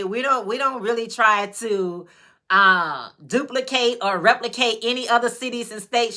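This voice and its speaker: On the high side, bright and forceful, the voice belongs to a Chicago woman crocheting hats on a livestream. In her Chicago accent she chats casually, names her viewers as she greets them and drags out her phrases.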